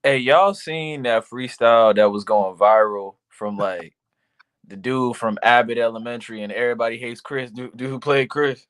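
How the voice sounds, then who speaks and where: A man's voice: medium pitch, moderate pace, a bit bright, clean tone. A blunt, slangy man judging a slam. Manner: candid, slangy, joking. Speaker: judge. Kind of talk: blunt live critique.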